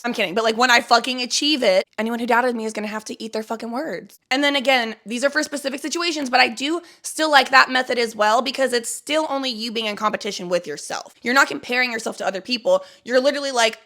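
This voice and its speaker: A woman's voice: on the high side, fairly quick, hardly any pauses, a bit bright. A woman in her twenties talking casually to camera, blunt and full of swearing and "like" fillers. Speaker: vlogger.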